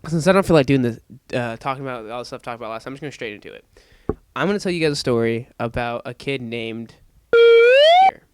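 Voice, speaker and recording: Lively-voiced teen guy telling a crude story. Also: medium pitch, a little fast, slight background noise. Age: late teens. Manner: rambling, crude, animated retelling. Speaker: gaming commentator. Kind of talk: casual storytelling over gameplay.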